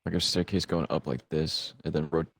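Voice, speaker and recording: Deep-voiced young man rambling, swearing. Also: steady tone, a little fast, husky. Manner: rambling, heavy swearing, storytelling. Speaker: gamer recording with a friend. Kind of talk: casual chat while gaming.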